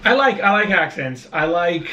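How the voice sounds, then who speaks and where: A man in his thirties chatting casually as a vlog co-host, telling stories with animated, mock-indignant emphasis. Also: sits high, moderate pace, roomy sound, slight background noise. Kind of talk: casual chat.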